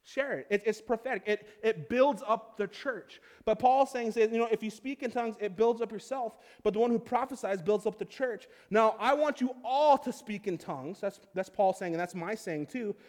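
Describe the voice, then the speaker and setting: A man with a high voice delivers a sermon in a relaxed, conversational way, stumbling and repeating words as he goes. His voice rings out with a long reverb, as in a large church hall. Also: normal speed, few pauses. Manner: conversational preaching with repeated restarts. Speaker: pastor.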